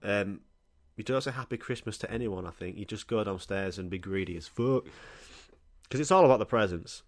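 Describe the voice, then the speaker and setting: A man's voice: lowish voice, brisk. Rowdy man telling comic stories. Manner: animated and crude, swears freely, acts out scenes. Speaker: podcast host. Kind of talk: comic storytelling monologue.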